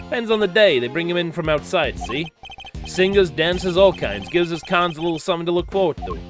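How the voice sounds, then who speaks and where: A man voicing a gruff, tough-talking male boxer in prison, with slangy, clipped street grammar, over game music. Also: fairly high pitch, animated, a little fast, voice pushed up, close to an everyday voice. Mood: boastful.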